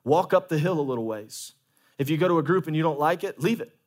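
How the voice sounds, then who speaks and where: A man preaching a sermon as pastor, animated, calling for amens and acting out quoted voices. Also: fairly high pitch, quick pace.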